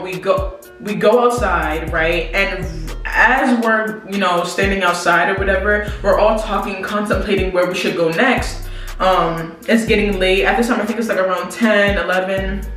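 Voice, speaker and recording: A young woman telling a story to her viewers in a lively, slangy way, talking straight to them. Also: medium pitch, moderate pace. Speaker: vlogger. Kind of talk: casual storytelling to camera. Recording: very echoey room, distant mic, faint music.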